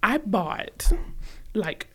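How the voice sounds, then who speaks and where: A woman's voice: mid-range voice, very animated, very slow, husky. A woman who owns a bakery, telling stories as a guest in a casual chat, laughing often. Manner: chatty storyteller, laughs often. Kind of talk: casual conversation.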